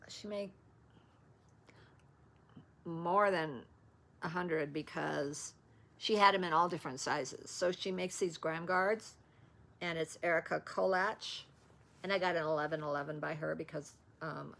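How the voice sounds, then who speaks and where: A woman's voice: low voice, gravelly, fairly bright tone. A woman vlogger chatting casually about her stitching patterns, rambling and interrupting herself as she searches. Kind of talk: casual show-and-tell chat.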